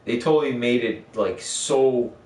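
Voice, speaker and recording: A man's voice: medium pitch, a little slow, darkish tone. A man streaming a game, chatting casually and ranting in a rambling, profane, opinionated way while he plays. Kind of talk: casual gaming livestream chat. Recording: roomy, distant mic with background noise.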